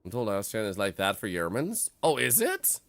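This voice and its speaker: A man's voice: fairly low pitch, huge pitch swings, normal speed, gravelly, fairly bright tone. A Swedish man streaming a game in English, rambling and joking with his chat. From Sweden. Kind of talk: casual live-stream chat.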